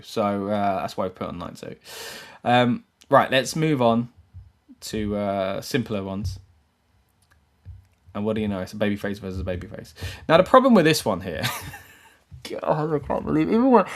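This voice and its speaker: A man hosting a live wrestling show, giving rambling, self-correcting predictions that rise into animated questions. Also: mid-range voice. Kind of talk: live-stream commentary and predictions.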